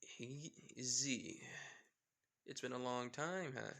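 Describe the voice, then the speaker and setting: Guy putting on a loud smug camp boss, slow and teasing, bit gravelly. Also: mid-range voice. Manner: teasing, drawn-out. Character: smug sly male camp leader.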